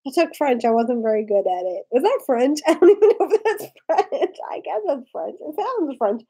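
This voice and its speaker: A woman's voice: high-pitched, sing-song, moderate pace, mellow, rough recording. A drunk woman in her forties hosting a casual live stream, rambling, giggling and reacting to viewer comments.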